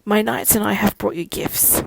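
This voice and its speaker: A woman reading as a calm young werewolf leader. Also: mid-range voice, moderate pace, creaky, no room sound, poor audio. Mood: formal. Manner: calm authority.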